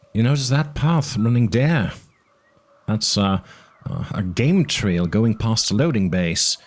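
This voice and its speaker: A man voicing a dry, thoughtful male mathematician who speaks with hesitations and pauses. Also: medium pitch. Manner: hesitant, musing, many pauses.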